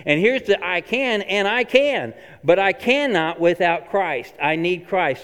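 A pastor preaching a sermon in a church, earnest and emphatic, repeating phrases for stress. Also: male voice, high-pitched, lively intonation, a little slow, a bit bright, clean tone. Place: church sanctuary. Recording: long reverb of a church hall.

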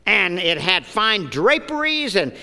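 A man's voice: high voice, sing-song, slow pace, bright, forceful tone. A male pastor preaching a sermon in a church sanctuary. He calls out questions for the congregation to answer and slips in joking asides. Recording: long church hall reverb.

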